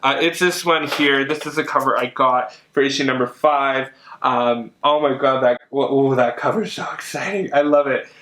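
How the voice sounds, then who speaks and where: A young man chatting casually while unboxing comics, excitable and full of fillers and gushing. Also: medium pitch, moderate pace. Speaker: comic collector vlogger. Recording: echoey room.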